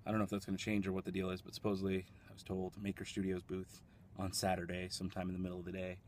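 A man vlogging casually at a fast food restaurant, rambling and talking with his mouth full as he tastes a dessert. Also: sits low, monotone, darkish tone, slight background noise. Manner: chatty, rambling, eating while talking. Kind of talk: casual food-tasting vlog.

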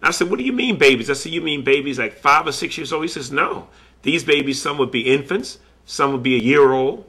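A man, a collector, slowly retelling a story in earnest with many quoted back-and-forth exchanges. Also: medium pitch, sharp tone, breathy edge. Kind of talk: recorded personal storytelling.

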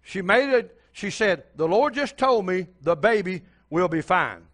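Older preacher, high voice. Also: male voice, lively intonation, unhurried, a bit bright. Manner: storytelling preacher, addresses the congregation directly. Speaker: pastor. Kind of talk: sermon.

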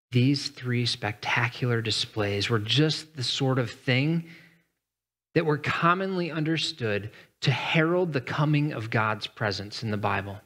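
A man's voice: mid-range voice, fairly bright tone. A male pastor delivering a conversational sermon, reading scripture with dramatic emphasis and speaking casually between readings.

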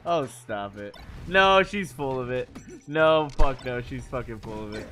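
A man chatting casually on a live stream, his fairly high voice swinging widely in pitch. His tone is bright and forceful, and he swears and teases freely. Faint music plays behind him. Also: expressive, slow, long pauses. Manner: profane, teasing, laughs often.

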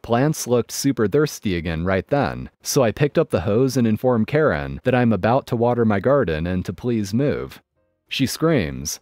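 A man narrating a written story in a steady scripted read. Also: on the low side, measured pace, no echo, clean studio sound.

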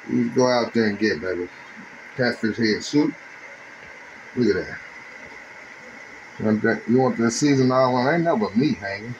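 A man's voice: medium pitch, animated, moderate pace, pauses often, a little hiss or hum, low-quality recording. A man doing a casual cooking demonstration, talking chattily to his viewers as he works. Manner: chatty, addresses viewers as you guys. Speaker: home cook.

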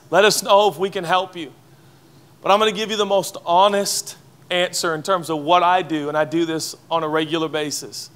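A man's voice: high voice, a bit bright, clean tone. A man in his thirties, a pastor preaching a sermon at a conference in a conversational, playful way, often asking the audience questions. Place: conference hall before a live audience.

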